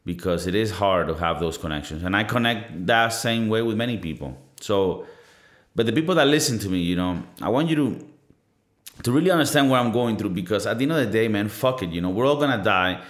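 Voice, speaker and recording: With a lowish, animated voice at a fairly quick pace, a man in his thirties rambles through a casual solo podcast, cursing and teasing himself along the way. The sound has a roomy echo.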